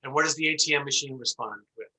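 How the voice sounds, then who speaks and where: A man teaching an online class, telling an animated story and acting out the voices as he explains. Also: mid-range voice, quick pace, poor audio. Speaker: instructor.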